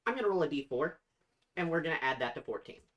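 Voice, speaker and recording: A player in a tabletop game, chatting about rules and rolls in a lively, upbeat way. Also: medium pitch, quick pace, dull audio, heavy background noise. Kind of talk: casual tabletop game chat.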